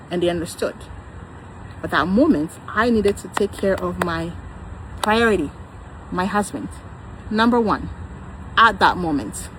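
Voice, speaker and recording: A woman's voice: fairly low pitch, a bit bright, a little hiss or hum, low-quality recording. A woman in her thirties talking in a personal vlog, insistent and defensive, repeating her points. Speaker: vlogger.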